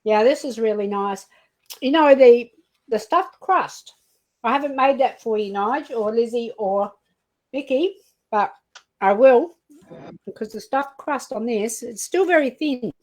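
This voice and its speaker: A woman's voice: fairly high pitch, measured pace, poor audio. An Australian woman hosting a live cooking stream, chatting casually, reading out viewer comments and laughing easily.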